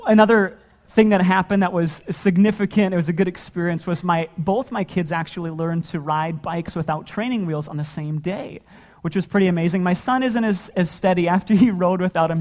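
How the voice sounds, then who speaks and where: A man in his thirties, a pastor, giving a sermon and telling family stories in a relaxed way, often breaking into laughter. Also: high voice. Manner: relaxed storytelling with frequent laughter.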